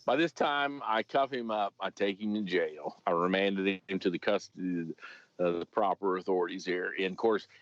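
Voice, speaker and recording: A man's voice: low-pitched, normal speed. A man, a former police officer, telling a story in a casual, comedic, rambling way, swearing and restarting his sentences. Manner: rambling, profane, lots of restarts. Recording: dry, slightly muffled podcast audio.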